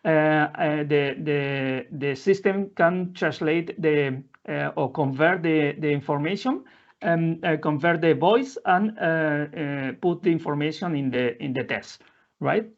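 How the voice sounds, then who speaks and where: A man presenting a live software demo in non-native English, halting often with fillers and restarting his sentences. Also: fairly high pitch. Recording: dull lo-fi audio.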